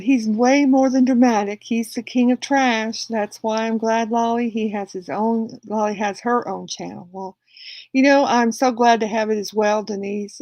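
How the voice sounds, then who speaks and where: Her voice is fairly high, creaky and darkish in tone, recorded with no room sound. As a livestream host, she chattily tells viewers a rambling story full of restarts, playing both sides of a quarrel.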